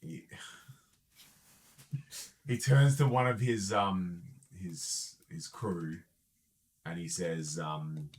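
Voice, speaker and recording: Low male voice, game master, casual table narration, relaxed pace. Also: slow pace, pauses often. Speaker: dungeon master.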